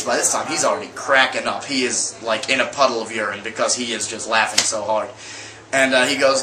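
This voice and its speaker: Rambling young man, bright echoey voice. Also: medium pitch, quick pace. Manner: rambling, many fillers and restarts. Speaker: vlogger. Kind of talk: casual storytelling to camera. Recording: echoey room with faint ambient noise.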